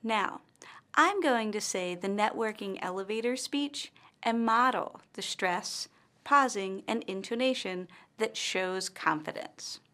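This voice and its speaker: A woman with an American accent, an English instructor giving a scripted lesson in a slow, deliberate, carefully articulated way. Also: medium pitch, a bit bright. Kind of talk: scripted teaching narration.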